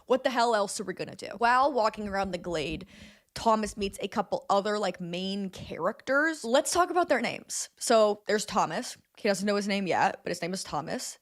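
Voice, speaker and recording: A young woman recapping a film in casual chat, chatty and sarcastic, swearing and laughing often. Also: medium pitch.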